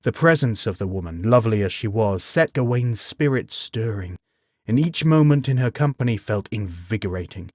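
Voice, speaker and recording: A man narrating a bedtime story in an expressive, measured storytelling manner with wry humor. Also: fairly low pitch, no echo, clean studio sound.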